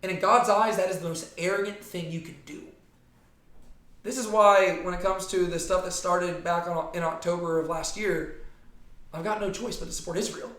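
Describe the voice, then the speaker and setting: A man's voice: high voice, steady tone, moderate pace, a bit bright. A man teaching a casual Bible study to a small group, talking conversationally and often checking in with "right?". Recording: echoey room.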